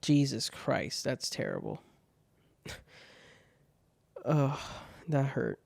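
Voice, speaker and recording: Slow, gravelly-voiced man chatting. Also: medium pitch, darkish tone, dry recording. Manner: laid-back, swears freely, laughs at bad jokes. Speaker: podcast host reading viewer questions. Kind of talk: casual solo chat.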